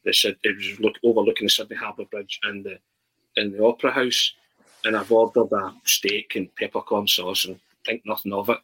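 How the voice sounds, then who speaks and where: A man, a podcast guest, telling a travel anecdote in a halting, animated way with many restarts. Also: on the low side, slightly rough, rough recording. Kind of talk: casual storytelling.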